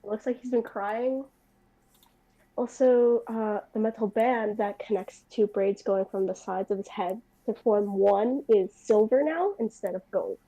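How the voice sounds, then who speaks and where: A woman's voice: mid-range voice, a little slow, warm tone. A woman playing a tabletop role-playing game, describing the scene hesitantly with many fillers. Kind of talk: casual tabletop play over voice chat. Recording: dull lo-fi mic.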